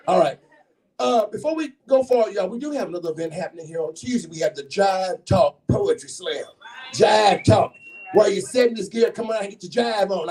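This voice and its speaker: A man's voice: high voice, warm tone, far from the mic, poor audio. A man hosting a poetry slam in a bookshop, playful and chatty as he works up the live audience. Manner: hypes up the crowd, playful and chatty. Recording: voice heard from off-mic.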